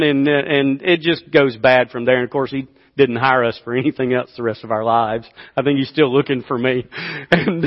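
A man in his fifties preaching a sermon, telling a story and swinging from quiet asides to loud bursts. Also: medium pitch, in a large hall, lo-fi sound. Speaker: pastor.

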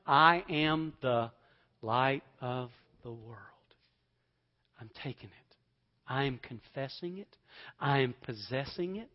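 A high-pitched man delivers a sermon with slow, deliberate pacing. He swings between loud, emphatic bursts and hushed, almost whispered lines. The recording sounds slightly dull. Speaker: pastor.

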